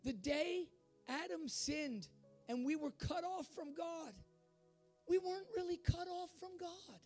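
High-pitched animated preacher. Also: a little slow, soft background music. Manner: animated, emphatic, repetitive storytelling. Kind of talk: sermon.

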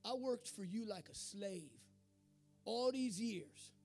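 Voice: mid-range voice, slow, a little mellow, soft background music, voice pushed down. A preacher voicing a resentful older brother. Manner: complaining, indignant.

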